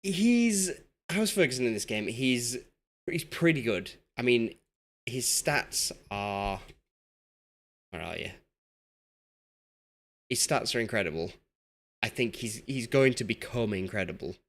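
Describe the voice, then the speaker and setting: Pausing often at a measured pace, this Yorkshire streamer has a medium-pitched, slightly bright voice with lively intonation. He chats casually with his live chat while managing a football team in-game, full of self-deprecating talk.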